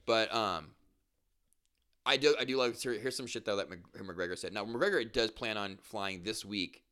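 A man's voice: fairly low pitch, normal speed, sharp tone, clear, resonant tone. A man co-hosting a sports podcast, rambling and joking crudely with many fillers. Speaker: podcast co-host. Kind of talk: casual sports chat.

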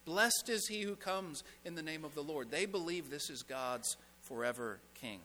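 A man preaching a sermon as a pastor, emphatic, asking rhetorical questions and dropping to a hush on key lines. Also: fairly high pitch, expressive, moderate pace, big-room sound. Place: church sanctuary.

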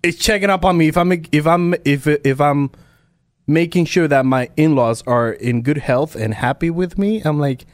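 A young man with a fairly high voice jokes and teases his way through morning radio chat. He sounds brash and quick, recorded close and dry. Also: no echo. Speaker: radio co-host. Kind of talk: casual morning show banter.

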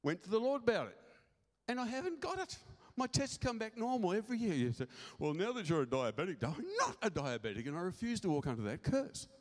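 A man preaching with a high voice that swings widely in pitch. He gets excited and rushes his words, and his voice rings out in a church hall with a long, trailing reverb. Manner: excitable, fast-talking preaching. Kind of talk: sermon.

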